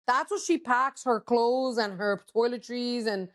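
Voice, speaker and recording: A woman with a high voice gossips on a podcast, swearing freely and dropping Spanish words into her English. Her talk is loose and chatty, full of strong opinions. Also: a little slow, a bit bright. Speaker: podcast co-host. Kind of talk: casual chat.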